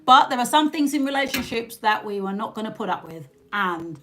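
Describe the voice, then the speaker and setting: A woman's voice: a little high, expressive, brisk, bright, forceful tone, faint music behind. A British woman hosting a casual live stream, chatting and laughing with her viewers and thanking them by name. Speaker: livestream host.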